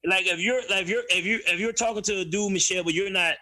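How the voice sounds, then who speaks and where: Blunt, high-voiced man telling it straight. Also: fast. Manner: blunt, profane, animated storytelling. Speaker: podcast guest. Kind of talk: casual chat.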